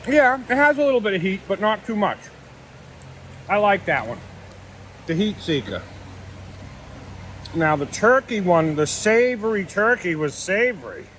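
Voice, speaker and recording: Man, slightly high voice, folksy rambling vlog chat, outdoors, faint noise behind. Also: big pitch swings, normal speed, fairly bright tone, low-quality recording. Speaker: gold prospecting vlogger. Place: outdoors at a dig site.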